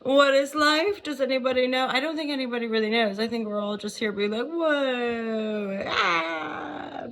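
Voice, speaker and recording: A woman's voice: high-pitched, fairly even intonation, quick pace, hardly any pauses, fairly bright tone. Giggly, rambling woman in her forties. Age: 40s. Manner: playful, giggly, exaggerated, swears casually. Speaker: tarot reader. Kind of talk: rambling casual vlog.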